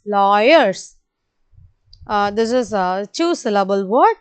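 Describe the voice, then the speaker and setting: A woman teaching children a spelling lesson in Indian English, slowly and patiently spelling out each word letter by letter and repeating it. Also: medium pitch, expressive, clear, resonant tone. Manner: slow, spells words letter by letter and repeats them; kind, patient, addresses kids directly. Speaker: primary school teacher.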